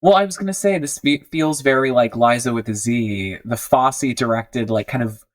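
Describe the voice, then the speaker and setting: A woman's voice: a bass voice, normal speed. A woman co-hosting a podcast in casual chat, with dry, wry humor. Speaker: podcast co-host.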